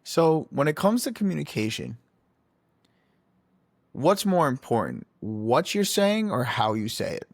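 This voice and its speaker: A man hosting a podcast interview, asking questions in a relaxed, plain conversational way. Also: a little high, a little slow, long pauses, no room sound, clean studio sound. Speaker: podcast host, marketer.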